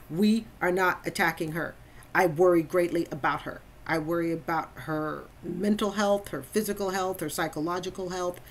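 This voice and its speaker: Woman host, lower pitch, emphatic reaction commentator who repeats for stress. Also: slight background noise.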